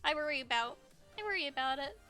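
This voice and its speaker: A woman's voice: high voice, lively intonation, quick pace, bright, forceful tone, faint music behind. A young woman streamer chatting casually, bubbly and giggly, often stumbling over her words. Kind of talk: casual livestream chat.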